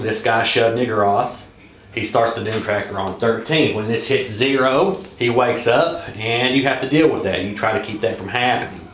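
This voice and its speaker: A man with a Southern US accent casually walking through a board game's rules, halting often with filler sounds and restarts. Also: medium pitch, fairly bright tone. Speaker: board game reviewer. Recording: echoey room.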